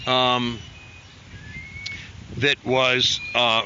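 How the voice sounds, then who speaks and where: A man's voice: mid-range voice, moderate pace, highs cut off, background noise. Rambling man telling studio stories. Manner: rambling, self-interrupting, acts out quotes in a raised voice. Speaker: musician guest. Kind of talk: casual storytelling interview.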